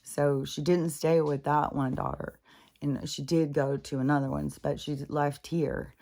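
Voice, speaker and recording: A woman's voice: sits low, fairly even intonation, a little slow, creaky, dark tone. A middle-aged woman at home, talking frankly and rambling in a casual, profane chat for her spiritual vlog. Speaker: spiritual vlogger.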